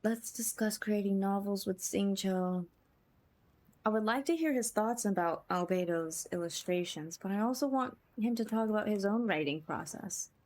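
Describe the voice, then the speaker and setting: A woman's voice: medium pitch, normal speed, a little mellow. A woman streaming a story game, chatting and giggling with her chat as she plays. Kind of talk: casual game commentary. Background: game music.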